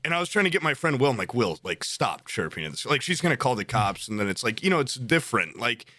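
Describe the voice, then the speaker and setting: A young man in his twenties tells a rambling story on a casual podcast, his pitch leaping around as he acts out the quotes. The sound is close and dry, with no room around it. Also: lively intonation, fast talker, sharp tone, no echo. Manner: rambling, filler-heavy storytelling with acted-out quotes. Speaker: podcast co-host.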